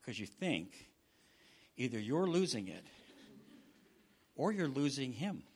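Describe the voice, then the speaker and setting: A middle-aged man preaching a sermon, swinging from loud bursts down to hushed near-whispers. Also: mid-range voice, sing-song, slow, husky. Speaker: pastor.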